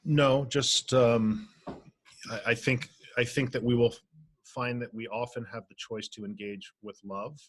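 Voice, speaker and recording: A man who teaches spirituality, leading an online healing circle in a gentle, reflective way, pausing often on fillers. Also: mid-range voice, steady tone, dry recording. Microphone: video call.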